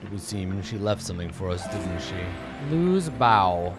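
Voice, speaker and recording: A man's voice: low-pitched, sing-song, a little slow, music in the background. A man playing a video game, casually muttering and commenting, sometimes laughing at himself. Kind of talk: let's play commentary.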